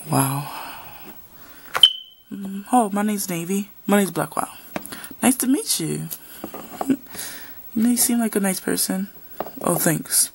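A woman's voice: medium pitch, creaky, a little mellow, a little hiss or hum. A woman performing a homemade drama, voicing several young men in casual, slangy back-and-forth dialogue. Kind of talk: homemade voiced drama, one performer doing all roles.

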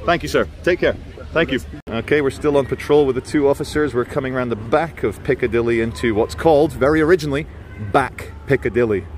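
A man's voice: mid-range voice, quick pace, slight background noise. A man vlogging outdoors on city streets, giving joking running commentary and chatting with passersby.

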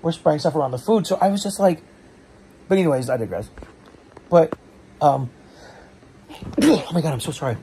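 A man's voice: fairly high pitch, animated, moderate pace, pauses often, mellow, slight background noise. A man telling a frustrating story in a casual vlog, rambling and self-questioning, his voice a bit congested from allergies. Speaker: vlogger.

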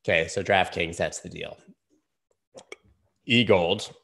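A man with a low, gravelly voice that has a bright edge hosts a casual live stream of chart analysis. He talks loosely and rambles, with lots of "like" and easy swearing. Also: fairly even intonation, moderate pace. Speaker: host.

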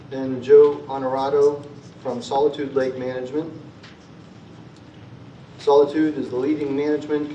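A warm, mid-range male voice, with a little hiss or hum behind it, presents a heartfelt prepared speech at a town meeting. He is earnest, leans on repeated rallying phrases, and sometimes chokes up with emotion. The setting is a school auditorium, recorded in a roomy, distant, dull way.

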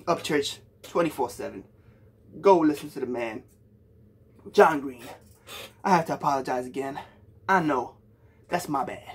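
A man's voice: fairly high pitch, husky. A young man from Puerto Rico giving a hyped, slangy reaction to a song for his viewers, calling them bro. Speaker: music reaction youtuber. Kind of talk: casual music reaction talk.

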